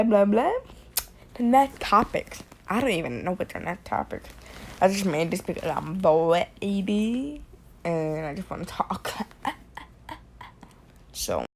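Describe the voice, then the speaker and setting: Rambling slow-talking young woman with gravelly voice. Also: medium pitch, a little hiss or hum. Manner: rambling, repetitive, drifting between loud rants and quiet near-whispers. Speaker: vlogger. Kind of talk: casual rambling vlog. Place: bedroom, late at night.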